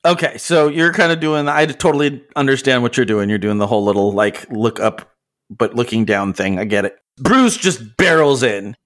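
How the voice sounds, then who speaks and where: An easygoing man runs a tabletop game as its game master. He narrates the scene in a relaxed way and laughs often. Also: medium pitch, normal speed.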